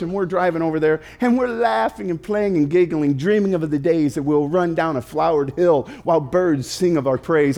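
A man's voice: high voice, a little mellow. Man preaching a playful sermon. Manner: playful storytelling with quick put-on voices. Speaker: pastor.

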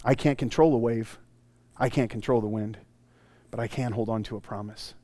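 A male pastor preaching a sermon, telling stories with animated swings from loud bursts to hushed, intimate passages. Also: mid-range voice, moderate pace, dry recording.

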